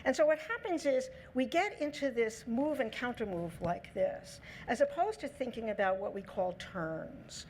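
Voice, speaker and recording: A woman giving a lecture on negotiation, lively, acting out the quoted lines in her own voice. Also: a little high, moderate pace, hardly any pauses, slight background noise. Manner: lively, acts out quoted dialogue in her talk. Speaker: speaker on negotiation. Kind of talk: lecture talk.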